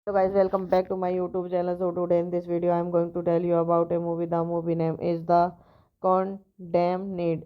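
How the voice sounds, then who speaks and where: A woman hosting a movie review channel, reading out film credits and facts in a halting way, stumbling and restarting words. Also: fairly low pitch, clean tone. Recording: dull lo-fi recording.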